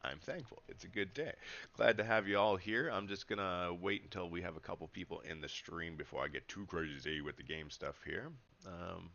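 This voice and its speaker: Over a webcam setup, a man who calls himself a spiritual teacher chats casually with his livestream viewers, upbeat and rambling, laughing often. His deep voice is creaky and a bit bright at normal speed, though the recording sounds muffled.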